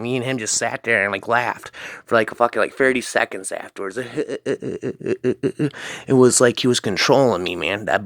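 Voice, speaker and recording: A man's voice: medium pitch, fairly bright tone, no room sound. A man telling a rambling spoken anecdote, peppering it with "man" and "freaking". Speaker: storyteller.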